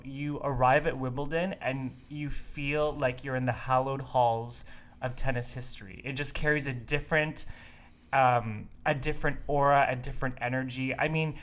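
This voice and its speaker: A man's voice: mid-range voice, fairly even intonation, moderate pace, fairly bright tone. Sassy playful podcast co-host man. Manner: playful and sassy, laughs a lot. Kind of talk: casual chat.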